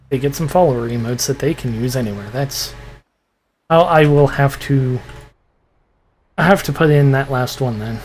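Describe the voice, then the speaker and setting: A man's voice: medium pitch, a little mellow, a little hiss or hum. A man chatting casually while streaming a video game, thinking aloud and restarting sentences. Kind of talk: casual gameplay commentary.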